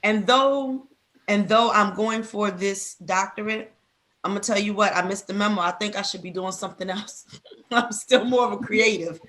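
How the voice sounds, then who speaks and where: A woman with a hoarse voice chats casually with friends on a podcast. She tells stories with a lot of animation and slips into other people's voices as she acts out what they said. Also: mid-range voice, moderate pace, fairly bright tone. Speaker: podcast co-host. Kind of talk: casual chat among friends.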